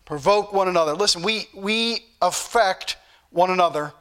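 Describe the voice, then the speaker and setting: A man preaching, his voice high and bright as he exhorts his church. He repeats scripture references over and over and pushes his points in emphatic rising bursts. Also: moderate pace, clear, resonant tone. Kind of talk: sermon.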